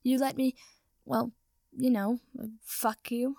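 A woman voicing an indignant, haughty young male wizard who rants and accuses, with a gravelly edge in her voice. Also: mid-range voice, steady tone, normal speed, a little mellow, no echo, clean studio sound, close to an everyday voice. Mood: ranting. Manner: ranting, accusing, melodramatic.

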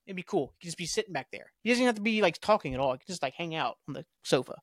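A man's voice: fairly high pitch, lively intonation, racing, no room sound. A young man hosting a podcast, casually recapping a TV episode with rambling, offhand asides. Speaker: podcast host.

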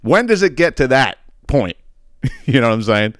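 A man's voice: mid-range voice, moderate pace, dry recording, clean studio sound. A man hosting a podcast, ranting casually with lots of swearing and laughter. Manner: profane, laughing often, animated. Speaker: podcast host. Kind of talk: casual comedic rant.

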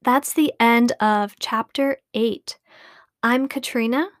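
Slow, careful woman reading a storybook. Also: on the high side, fairly even intonation, no echo, clean studio sound. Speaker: audiobook reader.

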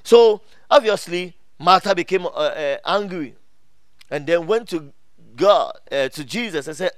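Male pastor, middle-aged, high voice, dry close sound; lively sermon with frequent congregation call-outs. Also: a little slow, clear, resonant tone, no room sound. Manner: laughs often, many restarts and fillers.

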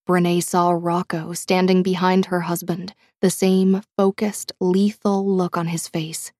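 A woman reading an audiobook in a measured, dramatic way, dropping to a hush at tense moments. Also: lowish voice, little pitch movement, dry recording, clean studio sound. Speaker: audiobook narrator. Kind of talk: scripted audiobook narration.

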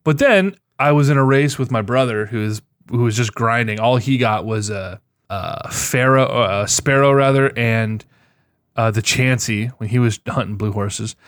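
A man in casual gaming chat, telling excitable, profane stories about his catches. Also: mid-range voice, normal speed, dry recording, studio quality.

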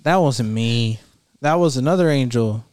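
A man's voice: medium pitch, normal speed, a little mellow, no room sound. Laid-back swearing guy in his twenties. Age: 20s. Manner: laid-back, swears freely, laughs often. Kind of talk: casual chat among friends, mixing Spanish. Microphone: headphones and studio mic.

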